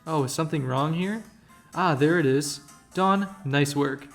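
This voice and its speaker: A man voicing a stern, measured older male professor in a video game, reading his lines in a grave, deliberate way. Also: a little high, fairly bright tone, faint music behind.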